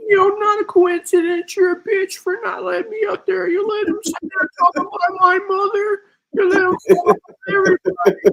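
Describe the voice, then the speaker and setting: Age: adult. Figure: a shrill, squealing male debater. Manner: tearful, cursing rant. Style: mocking impression. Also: level tone, normal speed, vocal fry, a bit bright, highs cut off, heavily acted. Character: shrill whiny male rival debater, furious and ranting. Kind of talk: mocking impression on a live audio panel.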